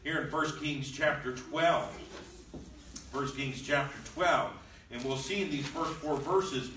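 A man's voice: a little high, slow, bright, forceful tone, slight background noise. A man teaching a Bible lesson in a church, reading old scripture aloud and then explaining it in casual, plain talk. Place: church room. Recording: echoey room, mic at a distance.

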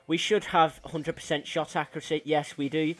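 A man's voice: on the high side, little pitch movement, normal speed. A young man giving casual, rambling commentary over his own gameplay as a channel host, with plenty of fillers and self-corrections.

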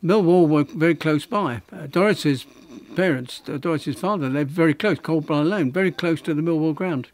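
Halting elderly man reminiscing. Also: fairly high pitch, darkish tone. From London, England. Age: 90s; older. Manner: halting, reflective, many restarts and fillers. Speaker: interviewee, retired architect. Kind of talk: reminiscing interview.

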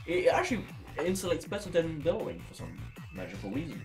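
Animated, jokey man reviewing. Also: a little high, fast talker, faint music behind. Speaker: vape product reviewer. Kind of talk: casual review chat.

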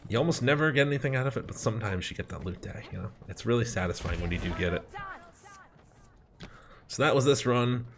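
A young man hosting a gaming channel, casually commenting on gameplay and telling a story, animated and swearing with lots of fillers. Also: medium pitch, fast, pauses often, background noise.

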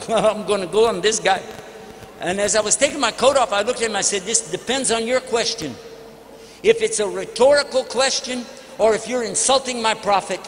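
A man's voice: sits high, fairly bright tone, in a large hall, a little hiss or hum. A man giving an Islamic lecture, answering an audience question with an earnest, emphatic story.

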